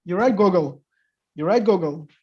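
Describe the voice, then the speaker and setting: A man speaking as a guest in a panel discussion, talking in halting non-native English with many fillers. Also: high-pitched, lively intonation, a little mellow. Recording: muffled lo-fi audio.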